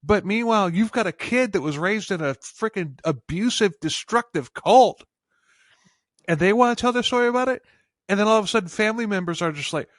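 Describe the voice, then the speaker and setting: A man's voice: high-pitched, expressive, brisk, no echo. A man hosting a true-crime podcast interview, talking with passion and many restarts and fillers. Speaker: podcast host. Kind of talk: casual interview chat.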